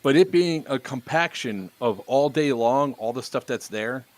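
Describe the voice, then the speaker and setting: A man talks at a medium pitch, casually retelling what happened and swearing freely. He sounds like a podcast host chatting with friends. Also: unhurried. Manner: storytelling with profanity and laughs.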